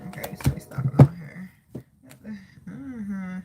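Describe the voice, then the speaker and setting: A woman giving a casual live tarot reading, slangy and swearing freely, greeting her chat by name and talking to God out loud between points. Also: medium pitch, moderate pace, very noisy. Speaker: tarot reader.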